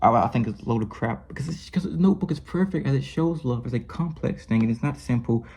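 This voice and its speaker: Speaking quickly in a mid-range voice that's gravelly, a little mellow and breathy at the edges, a man gives a casual film review. He gushes and drifts, constantly restarting and correcting himself mid-sentence.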